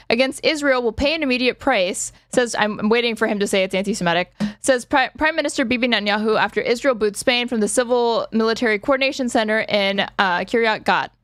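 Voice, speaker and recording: A woman's voice: on the high side, lively intonation, quick pace, fairly bright tone, no room sound, clean studio sound. A woman hosting a casual reaction stream, talking sarcastically and swearing, with plenty of fillers. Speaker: streamer host.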